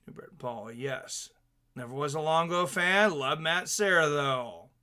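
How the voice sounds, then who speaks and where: Guy hosting a fight stream, a bit high, crisp bright voice, hypes up finishes and reads chat. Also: a little slow. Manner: excitable, chatty, reads viewer comments aloud. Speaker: watch-along stream host. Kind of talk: casual live fight commentary.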